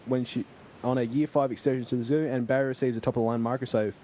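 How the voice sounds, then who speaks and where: Mellow-voiced male podcast host. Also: mid-range voice, steady tone, a little hiss or hum. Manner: recapping plot, halting restarts. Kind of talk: casual chat and episode recap.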